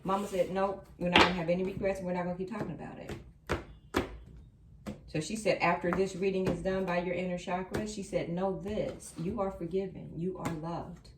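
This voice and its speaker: A woman's voice: lowish voice, little pitch movement, a little fast, very noisy. A woman doing a tarot reading for viewers, reassuring and emphatic, repeating her key lines. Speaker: tarot reader. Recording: roomy sound from a distant mic.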